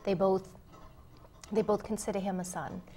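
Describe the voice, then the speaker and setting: A woman guest in an interview who speaks quietly and haltingly, sounding grateful. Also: mid-range voice, fairly even intonation. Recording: distant mic with faint background noise.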